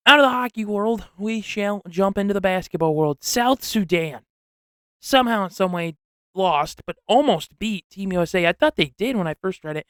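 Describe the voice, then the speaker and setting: A young man hosting a casual solo sports podcast, rambling and excitable with lots of slang. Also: sits high, normal speed, clear, resonant tone, no room sound, studio quality. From upstate New York. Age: young adult.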